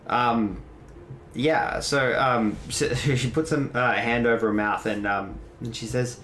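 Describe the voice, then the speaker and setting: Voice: medium pitch, steady tone, takes it slowly, fairly bright tone, a little hiss or hum. A game master narrating a tabletop game, hesitant and full of ums.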